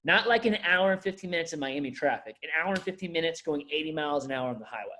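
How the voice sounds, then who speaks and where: A man's voice: fairly high pitch, animated, fast talker, sharp tone. A man, a manager giving a loose, filler-heavy onboarding talk to his staff, full of restarts. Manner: rambling, filler-heavy storytelling with frequent restarts. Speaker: district manager.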